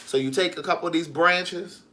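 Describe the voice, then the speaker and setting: Bright-voiced sassy man in his kitchen. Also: a little high, steady tone, brisk, slight background noise. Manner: sassy, calls the viewer niece and girl. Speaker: vlogger and writer. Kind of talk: casual how-to chat. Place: home kitchen.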